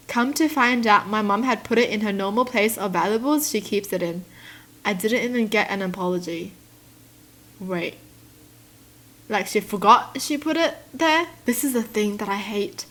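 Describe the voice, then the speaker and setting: A young woman reads out stories and reacts to them in animated casual chat, laughing often. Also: on the high side. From Australia. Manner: animated, laughs often, slips into mock voices. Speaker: YouTuber reading and reacting to stories.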